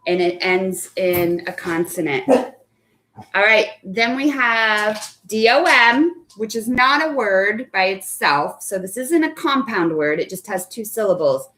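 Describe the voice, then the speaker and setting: Young woman teacher, slow and patient, warm praise for each child, sounding words out for early readers. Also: mid-range voice, animated. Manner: slow and deliberate when spelling out words. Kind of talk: live online phonics lesson.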